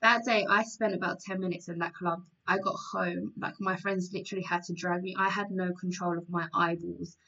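Brief: bright woman, earnest anecdotes, slightly dull lo-fi audio. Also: lowish voice, little pitch movement, a little fast, gravelly, hardly any pauses. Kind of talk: casual chat. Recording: dull lo-fi sound.

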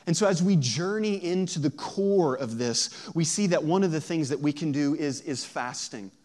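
A man preaching a sermon in a lively, joking way, acting out quoted voices. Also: on the high side. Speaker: pastor.

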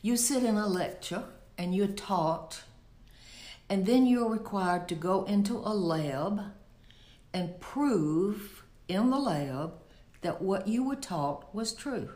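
A woman's voice: medium pitch, expressive, slow pace, warm tone, roomy sound. A woman giving a Bible teaching in a conversational preaching style, often asking rhetorical questions. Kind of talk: sermon.

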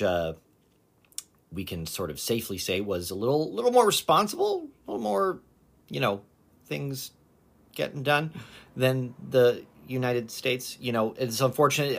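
A man's voice: medium pitch, fairly bright tone, slightly rough. Sarcastic man hosting. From Canada. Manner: sarcastic, rambling, with many fillers. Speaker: host. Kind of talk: comedic monologue.

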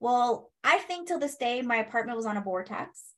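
A woman telling a personal story in a casual interview, animated, acting out what people said and laughing as she goes. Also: a little high, moderate pace. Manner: animated, acts out quoted speech, laughs, swears. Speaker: guest.

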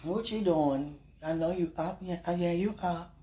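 Heartburn and hunger are on the mind of this woman, who speaks at a moderate pace in a dark, low-ish voice. She talks casually, mixes in prayer, repeats phrases and laughs a lot, in a loose monologue.

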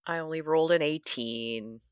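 A woman's voice: low voice, normal speed, clean tone. A woman playing a tabletop game who reacts playfully to each turn of the game. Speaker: player. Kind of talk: casual chat at a game table.

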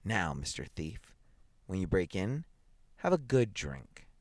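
A man's voice: sits low, sing-song, slow, darkish tone, dry recording, studio quality, heavily acted. A man voicing a ruthless, vindictive businessman who speaks harshly and chuckles at his wife's fears. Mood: cold gloating.

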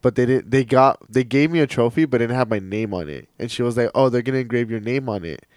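Fast-talking and medium in pitch, the man co-hosts a podcast, swapping animated stories in easygoing chat and breaking into laughter frequently, all in clean studio sound with no room tone.

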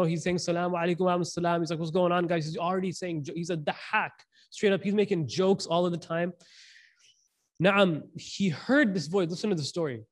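A man preaching in a loose, conversational way, slipping into slang and acting out the people in his stories. His voice sits a little higher than most men's, and his energy rises and falls as the story unfolds. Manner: casual, animated, slangy, acts out quotes. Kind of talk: sermon storytelling.

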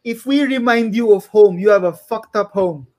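A man's voice: high-pitched, moderate pace, darkish tone, a little hiss or hum. A man co-hosting a casual podcast, cracking sarcastic jokes and swearing. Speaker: podcast co-host.

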